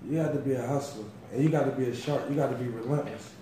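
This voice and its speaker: A man's voice: mid-range voice, fast, warm tone. A man talking as a guest musician in a casual interview, confident and emphatic. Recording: roomy, distant mic, faint noise.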